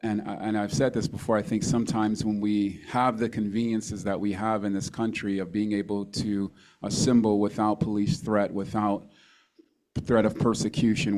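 A man preaching a sermon into a handheld microphone in a church. He draws amens from the congregation and reads scripture references slowly, repeating each one. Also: fairly low pitch, darkish tone, rough recording. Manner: call-and-response with the congregation, frequent amens. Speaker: guest preacher. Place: church sanctuary.

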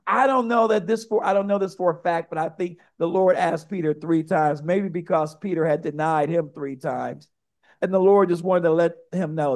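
A male pastor preaching a sermon, telling a story in a lively way and speaking straight to the congregation. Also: fairly high pitch, moderate pace.

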